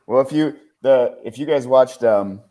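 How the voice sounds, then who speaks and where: A man from Minnesota, a television sports guest, chatting on a radio show in a relaxed, good-humored way from a studio. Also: medium pitch, measured pace. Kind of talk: casual radio interview chat.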